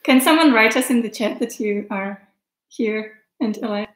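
A woman from Russia hosting a casual live-stream chat, excitable and teasing, laughing often. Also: a little high, normal speed, echoey room, poor audio. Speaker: host.

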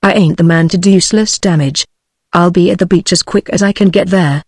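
A text-to-speech British-accented woman voicing a huge brawling man in a storybook, in flat synthetic tones. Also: on the low side, brisk, slightly rough, no room sound, clean studio sound. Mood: gruff. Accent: British English. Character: huge brawling male dockside bruiser.

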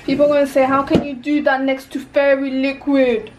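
A woman's voice: high voice, level tone, brisk. A young woman chatting casually while she cooks at home, bubbly and rambling, filmed on a handheld phone. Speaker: cooking vlogger. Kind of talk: casual cooking vlog chat. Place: home kitchen. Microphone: handheld phone camera. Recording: noisy home kitchen recording.

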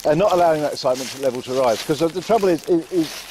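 A man talking calmly while walking his dogs outdoors and explaining how he trains them. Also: on the high side, fast, background noise. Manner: calm, repetitive, calls out to the dog. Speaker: dog trainer. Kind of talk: casual walking commentary. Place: outdoors in fields.

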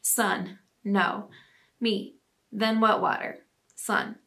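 A woman's voice: medium pitch, fairly even intonation, drawn-out words, creaky, long pauses, bright, forceful tone. A woman hosting a parenting podcast, reading listener stories aloud in a chatty, laughing way. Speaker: podcast host.

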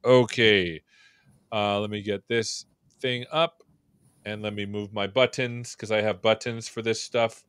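Male show host: bright and forceful, playful and teasing, close and dry. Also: on the low side, unhurried, clean tone, no room sound. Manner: playful, joking, animated. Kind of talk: livestream chat and hosting.

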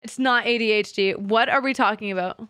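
A woman streaming a game, chatting with her audience in a giggly, excitable way full of crude jokes. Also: a little high, brisk, smooth, no echo, studio quality. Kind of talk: casual live-stream chat.

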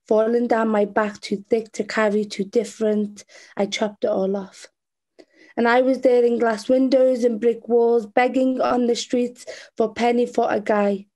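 A woman with a Scouse accent, a poet performing spoken-word poetry and then talking about it in an earnest, measured way. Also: fairly high pitch, level tone, dark tone. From Liverpool, England.

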